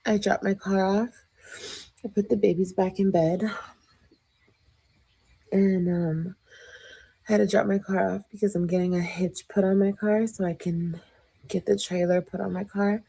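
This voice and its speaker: A woman's voice: mid-range voice, steady tone, unhurried, vocal fry, pauses often, dark tone, husky, poor audio. A woman vlogging to her viewers in a rambling, chatty way about her day. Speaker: vlogger mother. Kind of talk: casual vlog chat.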